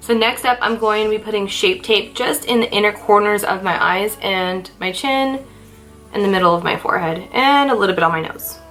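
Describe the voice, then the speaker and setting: Over faint background music, a young woman talks casually through her makeup in a get-ready-with-me beauty vlog, poking fun at herself and sounding slightly breathless. She has a mid-range, somewhat bright voice at a moderate pace, and the recording quality is low.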